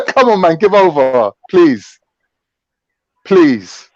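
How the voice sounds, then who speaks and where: A man's voice: high-pitched, very animated, slow, no echo, muffled recording. A man talking in heated, boastful, slang-heavy banter on a casual show. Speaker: show regular.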